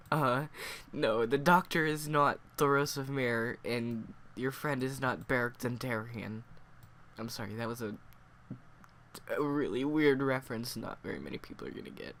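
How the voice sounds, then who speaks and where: A man's voice: mid-range voice, steady tone, moderate pace, a bit bright, a little hiss or hum. Man rambling through a story review. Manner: keeps breaking into laughter, voice wavering; rambling with many fillers. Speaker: book reviewer.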